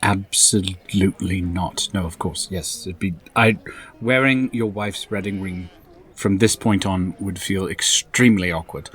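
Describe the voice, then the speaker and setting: A man's voice: low-pitched, a little slow, a bit bright, slightly rough. A man playing a tabletop game in character, rambling awkwardly and self-deprecatingly. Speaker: player.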